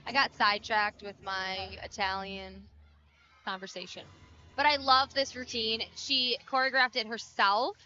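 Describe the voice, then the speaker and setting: A woman's voice: on the high side, steady tone, unhurried, bright, forceful tone. A woman giving color commentary on a gymnastics meet, enthusiastic and chatty, with a muffled broadcast sound. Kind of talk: sports commentary.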